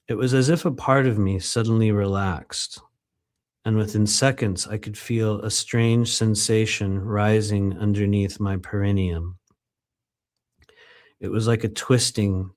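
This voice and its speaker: A man's voice: fairly low pitch, darkish tone. A man reading aloud from his own book during a live stream, breaking off often into loose, conversational asides with plenty of fillers. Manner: conversational and digressive, many fillers.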